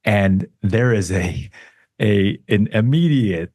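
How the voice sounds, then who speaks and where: A man's voice: on the low side, expressive, slow, darkish tone, no echo, studio quality. A man from Las Vegas, a guest on a podcast, talking earnestly with frequent restarts. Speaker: guest, sales expert. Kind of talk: casual interview chat.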